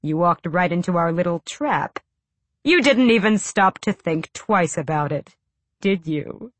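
A woman reading an audiobook voices a cool, bored, cruel male villain who speaks with soft, slow, silky menace. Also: on the low side, lively intonation, no echo. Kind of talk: audiobook character voice.

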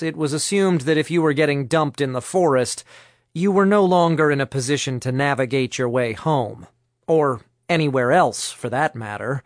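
A man narrating an audiobook in a brisk, even storytelling manner. His voice sits at middle pitch. The recording is dry and close. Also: no echo.

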